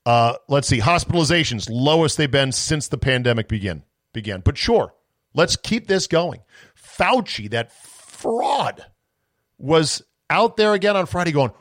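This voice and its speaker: A man's voice: fairly high pitch, sing-song, unhurried, a bit bright, no room sound, studio quality. A man hosting a sports podcast, ranting in a sarcastic, exasperated, profane way through an opinionated solo monologue.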